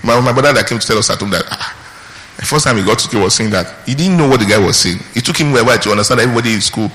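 Bright-voiced man preaching a sermon. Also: mid-range voice, long reverb tail, poor audio. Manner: teaching with questions to the congregation, pausing on key words.

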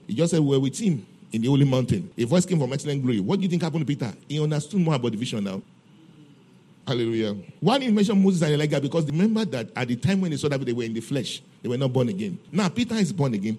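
A man preaching a sermon, posing questions for the congregation to finish and swinging between quiet and emphatic delivery. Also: fairly high pitch, husky. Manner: call-and-response questions to the congregation. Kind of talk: sermon teaching on tongues and prophecy.

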